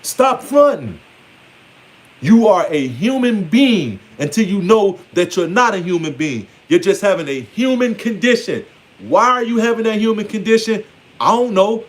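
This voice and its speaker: A man giving a casual, blunt, playfully scolding monologue on spirituality. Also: sits high. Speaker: spiritual speaker.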